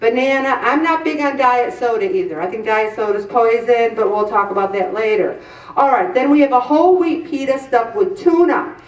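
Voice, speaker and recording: A middle-aged woman hosting a weight-loss show, giving chatty diet advice in an animated, exclamatory way and repeating words for emphasis. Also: on the high side, normal speed, recorded from a distance. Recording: echoey room, voice from off mic.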